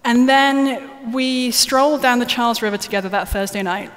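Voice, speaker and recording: A conference speaker with a slightly high voice, speaking at normal speed, gives a live talk from the stage and banters with the audience. The large hall's live reverb and faint noise come through on her stage microphone.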